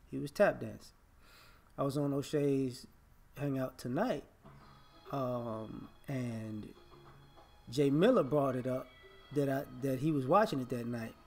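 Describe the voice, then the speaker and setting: A man, delivering an emphatic, confrontational opinion monologue as a vlogger. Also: fairly high pitch.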